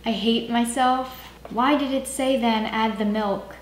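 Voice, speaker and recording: A woman's voice: fairly high pitch, fairly even intonation, measured pace, echoey room, slight background noise. A young adult woman hosting a casual home cooking vlog, sarcastic and self-mocking as she talks through the recipe. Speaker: cooking vlogger. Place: home kitchen.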